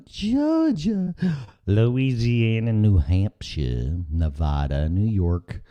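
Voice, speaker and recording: A middle-aged man with a low, dark voice, hosting a loose live-stream chat. He rambles from one thing to the next with a sarcastic, profane edge. His tone stays mellow. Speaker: podcast host.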